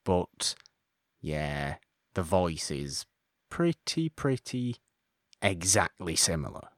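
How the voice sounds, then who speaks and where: A man's voice: sits low, very animated, slow, no echo, clean studio sound. A man hosting a casual podcast chat, rambling and correcting himself as he talks, with frequent chuckles. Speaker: podcast host.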